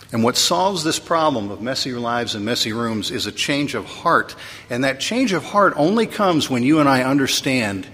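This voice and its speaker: A man's voice: mid-range voice, fairly bright tone, husky. A middle-aged man preaching a sermon as pastor, conversational and sometimes humorous, building to emphatic peaks. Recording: long reverb of a large hall.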